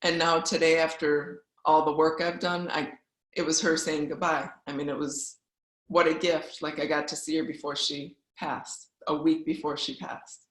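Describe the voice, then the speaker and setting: This woman in her forties, a guest speaker from Wisconsin, shares her personal story candidly and conversationally. Her voice is low and fairly bright, with little pitch movement and a moderate pace, recorded with a roomy echo.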